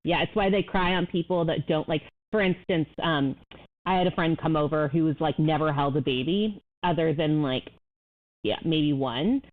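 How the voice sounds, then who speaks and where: A woman co-hosting a podcast in casual chat, telling lively stories and mimicking people. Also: deep voice, normal speed. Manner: animated storyteller, mimics voices. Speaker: podcast co-host. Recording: tinny phone-like line.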